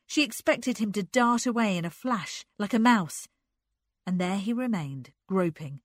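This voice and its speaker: Casting: unhurried audiobook narrator, woman, lively intonation, dry close sound. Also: mid-range voice, no room sound. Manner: unhurried, expressive.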